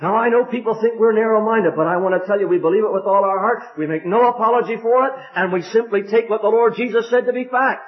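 An older man preaching an evangelistic sermon, fervent and pleading, swinging his voice high and low for emphasis. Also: fast talker, few pauses. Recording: dull lo-fi recording.

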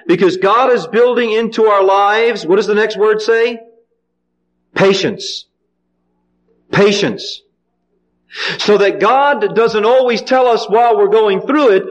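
Man, preacher, high voice, call-and-response sermon, dramatic pitch swings, muffled recording. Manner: call-and-response questions to congregation. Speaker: pastor.

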